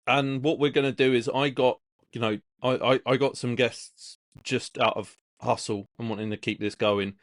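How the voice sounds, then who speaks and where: A man co-hosting a podcast, telling stories in a loose, rambling way. His pitch sits in a middle range, and the recording is dry and close. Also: fairly even intonation, moderate pace, no room sound. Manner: rambling, many fillers and restarts while storytelling. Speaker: podcast co-host. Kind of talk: casual podcast chat.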